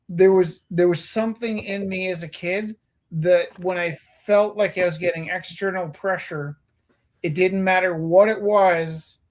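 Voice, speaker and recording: Earnest high-voiced man telling stories. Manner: earnest storytelling, acts out quoted lines. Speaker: host. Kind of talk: casual chat.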